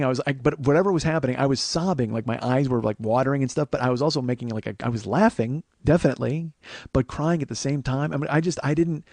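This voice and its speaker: A man's voice: mid-range voice, no room sound. Man telling a raw confessional story. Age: 40s. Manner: swings from hushed and tearful to loud and laughing; profane, rambling with many restarts. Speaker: podcast host.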